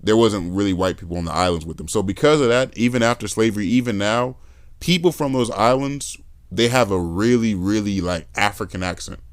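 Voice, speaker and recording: A young adult man hosting a podcast, chatting casually and telling animated stories with accent imitations. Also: on the low side, a little fast, no room sound, studio quality. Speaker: podcast host. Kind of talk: casual conversation.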